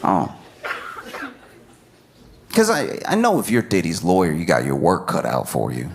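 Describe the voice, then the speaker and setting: A man's voice: sits low, huge pitch swings, measured pace, creaky, a little hiss or hum. A man doing a stand-up comedy set, riffing with disbelief and repeating his lines for effect.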